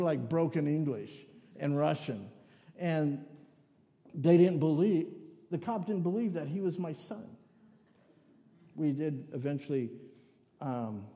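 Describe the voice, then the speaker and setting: A man's voice: on the high side, dark tone. An older man preaching a sermon, telling family stories with joking asides. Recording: long hall reverb.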